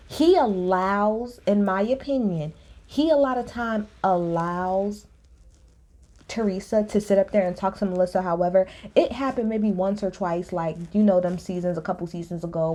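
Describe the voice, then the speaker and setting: A woman's voice: medium pitch, lively intonation, normal speed, mellow. A woman recapping a reality show in a casual, blunt, opinionated way, swearing freely.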